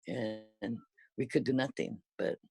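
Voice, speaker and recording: A woman's voice: very deep voice, steady tone, slow pace, creaky, darkish tone. An older woman casually reminiscing in conversation, rambling and often correcting herself mid-sentence. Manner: rambling, self-correcting storyteller.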